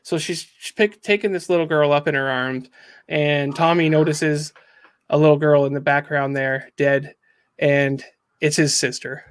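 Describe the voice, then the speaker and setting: Male host, slightly high voice, casual recap style, acts out the quotes. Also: fairly even intonation, normal speed, clean tone. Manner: recaps a story and acts out the quotes, with frequent ums. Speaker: comic book reviewer. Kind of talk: casual podcast chat.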